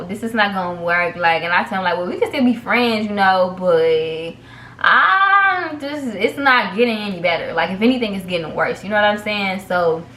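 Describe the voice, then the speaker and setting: Animated young woman telling a storytime. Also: mid-range voice, reverberant, slight background noise. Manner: animated, acts out quotes, addresses viewers as "y'all". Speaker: vlogger. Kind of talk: casual storytime chat.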